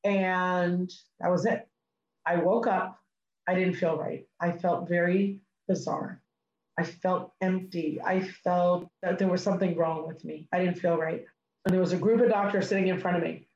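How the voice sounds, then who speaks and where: A middle-aged woman telling a personal story as an interview guest, animated and acting out what people said. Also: on the low side, moderate pace, lo-fi sound, slight background noise. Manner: animated, acts out dialogue. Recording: echoey room.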